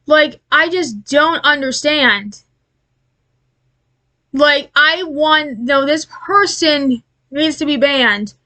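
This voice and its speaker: A woman giving an angry, profane commentary rant, exasperated and halting with many restarts. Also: high-pitched, sharp tone. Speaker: aviation commentary YouTuber.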